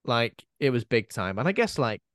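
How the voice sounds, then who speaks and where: A man talks casually about horror films, rambling a little and laughing along. His voice sits in a middle pitch and is recorded close and dry, with no room sound around it. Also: sing-song, fairly bright tone, no echo. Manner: chatty, rambling, quick to laugh. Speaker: podcast co-host. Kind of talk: casual film chat.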